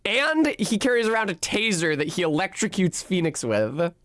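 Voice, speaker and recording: A streamer casually talking over a video game, in an animated, chatty and profane way. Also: male voice, high voice, normal speed, no room sound, studio quality.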